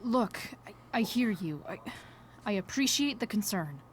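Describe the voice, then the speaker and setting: A woman plays a sarcastic rebellious teenage girl in a video game. She talks slowly, wry and guarded, letting her words drag. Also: mid-range voice, animated, a little hiss or hum, natural voice.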